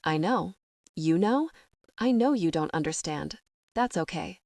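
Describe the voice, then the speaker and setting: A woman reading an audiobook, voicing a tender, devoted young man who speaks softly and earnestly. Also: on the low side, lively intonation, unhurried, no room sound. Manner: soft, hushed and earnest. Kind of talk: audiobook narration.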